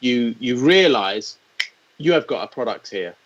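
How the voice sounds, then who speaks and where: A man's voice: mid-range voice, unhurried. Storytelling man, lo-fi sound. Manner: animated, acts out quotes. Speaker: guest, company founder. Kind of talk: anecdotal interview storytelling. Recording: dull lo-fi sound.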